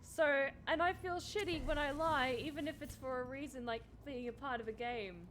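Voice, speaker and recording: High-voiced giggly woman game streamer. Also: fairly even intonation, moderate pace, fairly bright tone, a little hiss or hum. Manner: giggly, swears often, chats with viewers. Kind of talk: casual live-stream chat. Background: game music.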